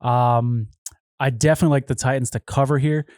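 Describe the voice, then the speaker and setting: A man's voice: mid-range voice, fairly even intonation, a little fast, darkish tone, no echo, clean studio sound. A man co-hosting a podcast, running through betting lines and stats in casual chat. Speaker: podcast co-host.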